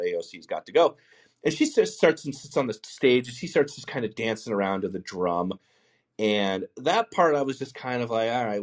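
A man with a somewhat low voice runs a live call-in show. He talks bluntly and swears freely. His points ramble along with restarts and asides. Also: a little mellow. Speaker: podcast host. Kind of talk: casual political commentary.

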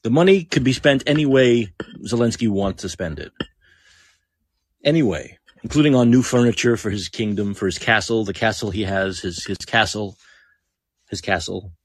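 Heated, husky-voiced male podcast host. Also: fairly low pitch, lively intonation, normal speed, no echo. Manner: heated, blunt, swears, repeats phrases for emphasis. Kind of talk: political commentary rant.

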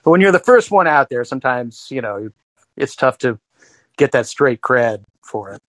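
A man's voice: mid-range voice, expressive, moderate pace, a bit bright, dry recording. Hesitant man with a dry close sound. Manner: hesitant, full of fillers. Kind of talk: casual chat.

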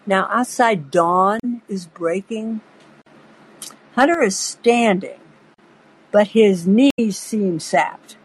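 A woman's voice: medium pitch, drawn-out words, long pauses, breathy edge, low-quality recording. A woman hosting a podcast, telling a first-person story with theatrical flair and speaking straight to the listener. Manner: theatrical, acts out quoted voices; addresses listener directly, playful. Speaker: podcast host and narrator.

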